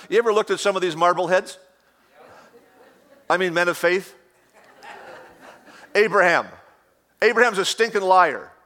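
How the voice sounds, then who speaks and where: A male pastor delivers a sermon in a notably high voice. He drives his points home with repetition and loud emphasis, then eases into humorous asides.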